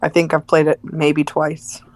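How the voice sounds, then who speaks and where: A woman's voice: low-pitched, completely flat delivery, unhurried, dry recording. A woman co-hosting a podcast in casual chat, with dry, sarcastic humor. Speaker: podcast co-host.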